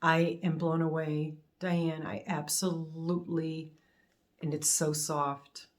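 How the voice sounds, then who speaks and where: A middle-aged woman hosting a casual unboxing vlog, gushing and emotional, quick to laugh as she opens gifts. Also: low voice, flat delivery. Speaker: crafting channel host.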